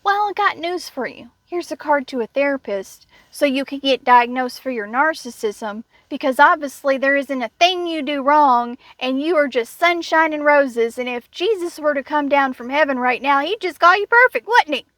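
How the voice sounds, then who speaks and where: Blunt, indignant woman with a high voice. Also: moderate pace, few pauses, fairly bright tone, no room sound. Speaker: vlogger. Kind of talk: casual storytelling rant.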